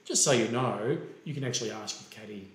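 A man's voice: fairly low pitch, brisk. Australian man telling a golf story, echoey. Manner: animated, acts out quoted dialogue. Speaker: golf referee and podcast co-host. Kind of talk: casual storytelling.

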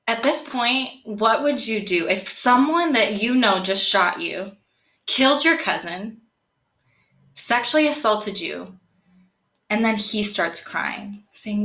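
A young woman hosting a podcast, telling a true-crime story in a casual, animated way, full of "like" and questions put to her co-host. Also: mid-range voice, takes it slowly. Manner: chatty, animated, lots of "like" and rhetorical questions. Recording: roomy echo.

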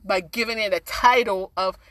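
A woman's voice: mid-range voice, steady tone, moderate pace, fairly bright tone, dry recording. A woman speaking earnestly and passionately in a casual conversation, with many fillers.

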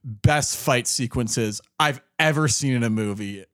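A man chatting casually about a movie, reacting with excitement and quick laughs. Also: mid-range voice, dry recording.

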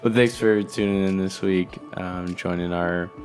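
A man's voice: deep voice, steady tone, a little slow, a little mellow, faint music behind. A man co-hosting a casual faith podcast. He talks in an easygoing way and signs off the episode. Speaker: podcast co-host.

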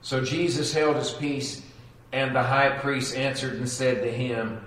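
A man preaching a sermon as pastor, dramatic and animated, acting out quotes and sound effects. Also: mid-range voice, unhurried, distant mic. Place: church sanctuary. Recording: echoey church recorded from afar.

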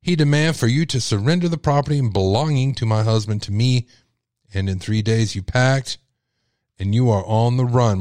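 A bitter, grieving widow rants at the people she blames, her voice jumping up and down in pitch as she accuses them, as a man puts her on. The voice sits at an ordinary middle pitch. It is recorded dry and close, with no room sound. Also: no echo, close to an everyday voice. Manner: accusing, ranting, with sharp swings in pitch. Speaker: podcast host.

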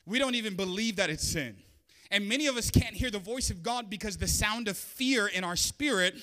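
High bright-voiced guy preaching a sermon, chatty with little jokes, long hall echo. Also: animated, fairly quick. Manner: conversational preaching with joking asides. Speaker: pastor.

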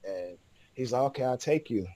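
A man in the middle of a casual story, talking in loose slang and laughing as he goes. His voice sits at an ordinary middle pitch. The sound is dry and close, with no room echo. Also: lively intonation, moderate pace, warm tone. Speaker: podcast guest.

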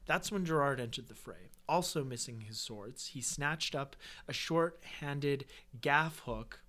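A man with a voice of ordinary pitch, hosting a podcast. He reads a fantasy story in a casual tone. He keeps breaking off to add joking asides. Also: measured pace, bright, forceful tone. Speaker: podcast host.

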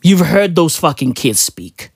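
A woman's voice: sits low, measured pace, husky, dry recording. A South African woman delivering a profane, slangy comedic rant, repeating herself for effect. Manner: animated, repetitive, slangy.

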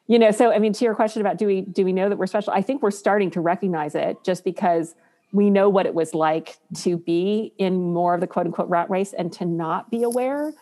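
A woman's voice: mid-range voice, fairly even intonation, fairly quick, warm tone. Earnest woman guest, reflective. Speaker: guest, company co-founder. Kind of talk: casual interview chat.

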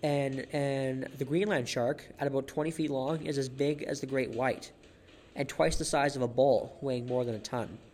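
Halting man hosting a solo podcast. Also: medium pitch, fairly even intonation, darkish tone, slight background noise. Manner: halting, with frequent restarts and repeated words; chuckles at his own jokes. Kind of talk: casual informational narration.

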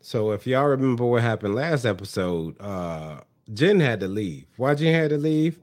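A man's voice: medium pitch, moderate pace, no room sound. A man co-hosting a podcast, chatting casually about a reality show and acting out what the people on it said. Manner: animated storytelling, acting out quotes. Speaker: podcast co-host. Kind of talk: casual reality-TV recap chat.

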